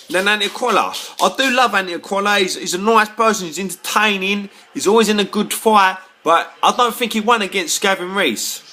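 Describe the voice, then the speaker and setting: A man's voice: sits high, sharp tone. A tipsy man, rambling to camera in a casual rant, stumbling over repeated words and swearing when riled. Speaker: vlogger.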